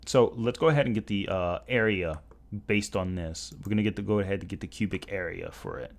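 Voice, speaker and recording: Low-voiced man rambling through math on stream. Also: fairly quick. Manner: rambling, self-correcting, working through math aloud. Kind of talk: casual livestream commentary.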